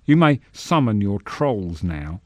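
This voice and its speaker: A man putting on a sly old wizard in a storybook reading, cool and faintly mocking. He speaks in a measured murmur close to a dry mic. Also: lowish voice, sing-song, dark tone, dry recording. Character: old male wizard, calm, sly and probing.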